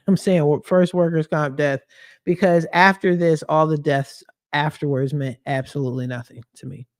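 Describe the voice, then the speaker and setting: A woman's voice: low voice, a little mellow, dry recording, studio quality. A woman hosting a podcast, telling a story casually and animatedly, with slang and swearing. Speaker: podcast host.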